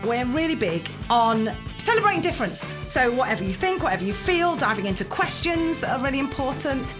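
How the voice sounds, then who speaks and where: A woman's voice: high voice, big pitch swings, fairly quick, music in the background. A woman co-hosting a podcast, playful and giggly in casual chat. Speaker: podcast co-host.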